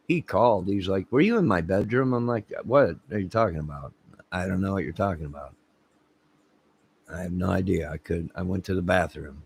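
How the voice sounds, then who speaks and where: Channel host, male, low husky voice; slow, rambling comic storyteller who acts out quotes. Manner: laughs at own jokes, acts out quotes. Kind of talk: rambling comic anecdote to camera.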